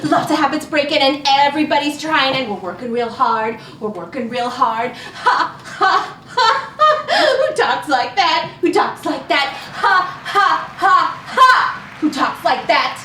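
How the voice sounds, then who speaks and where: A woman's voice: high voice, steady tone, moderate pace, fairly bright tone, slight background noise. A woman playing a therapy patient who sings her answers and giggles, in a stage comedy. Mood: giggly. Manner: sings and giggles instead of talking. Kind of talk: community theater comedy. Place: theater stage. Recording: echoey stage from far off.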